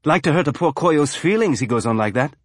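A man's voice: on the high side, animated, brisk, breathy edge, no echo, pitched above the performer's own voice. Cocky, playful young officer, dry close sound; male narrator performs him. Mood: teasing.

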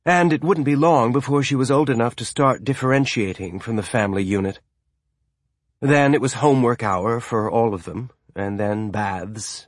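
A man reading a novel aloud as an audiobook narrator, with a measured, even storytelling delivery. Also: fairly low pitch, no echo, clean studio sound. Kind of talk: scripted narration.

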